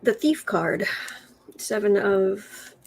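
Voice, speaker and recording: A woman's voice: mid-range voice, expressive, extremely slow, background noise. A woman hosting a casual livestream, reading tarot cards aloud with sarcastic, chatty asides. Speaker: tarot reader and livestream host.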